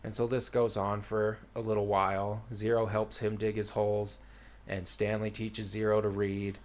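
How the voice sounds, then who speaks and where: At a normal speed and in a lowish, level voice, a young man gives a casual, wandering retelling of a book's plot. Fillers abound, with "uh" and plenty of "like."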